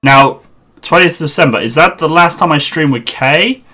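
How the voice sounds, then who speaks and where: Chatty streamer on a headset. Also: male voice, on the high side, moderate pace, bright, forceful tone. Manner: chatty, muttering to himself while sorting out a server. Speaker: game streamer. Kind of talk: live game-stream chat.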